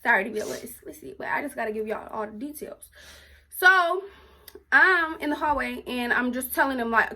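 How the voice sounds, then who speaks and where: A teenage girl tells a personal story in a vlog, emotional and animated. Her voice sits a little high and sounds bright. Faint noise sits behind her. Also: brisk. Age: teens. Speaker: vlogger.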